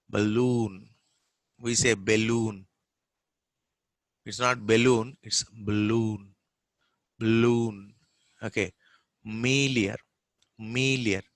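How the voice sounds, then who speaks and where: A man with a Telugu-accented Indian English voice, teaching English vowel pronunciation and repeating the model words slowly and clearly. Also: lowish voice, sharp tone, no room sound. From Telugu-speaking India. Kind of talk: classroom pronunciation lesson.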